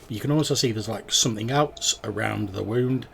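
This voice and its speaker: A man narrating a tabletop game as game master, describing scenes in an unhurried, descriptive way. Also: lowish voice, creaky, a bit bright, slight background noise.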